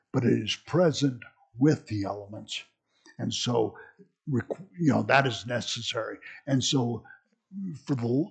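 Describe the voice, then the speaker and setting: Slow, gravelly-voiced man lecturing. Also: medium pitch, darkish tone. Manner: conversational, many fillers and restarts. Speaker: church history teacher. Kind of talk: classroom lecture.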